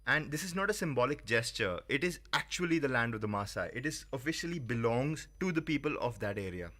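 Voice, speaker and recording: A man talks as a radio studio guest. He explains things in a steady, orderly way. His voice sits at a medium pitch. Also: brisk. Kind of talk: explanatory talk.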